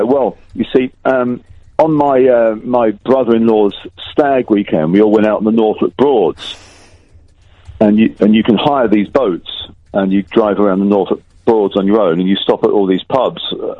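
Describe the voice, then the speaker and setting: A man's voice: on the low side, moderate pace, dry recording. Male phone-in caller, rambling chatty storyteller, tinny phone sound, dry.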